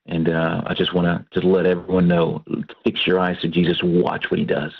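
A man's voice: low-pitched, moderate pace, creaky, phone-quality sound, a little hiss or hum. Earnest pastor telling his story. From Texas. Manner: earnest, animated storytelling, acts out quotes. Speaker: pastor and Christian counselor guest. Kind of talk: testimony in a radio interview.

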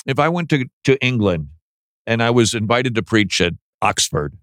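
A man's voice: fairly low pitch, unhurried, long pauses, no echo, studio quality. A male radio talk show host giving emphatic, sarcastic commentary with an incredulous edge.

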